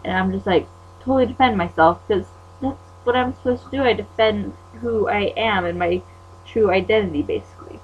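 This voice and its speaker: A teenage girl from Utah tells a story in a casual vlog rant, chatty and indignant. She leaps into loud, high-pitched bursts when she quotes people. The recording is muffled and lo-fi, with a faint electrical hum underneath. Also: a little fast. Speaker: vlogger. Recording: dull lo-fi webcam audio with faint mains hum.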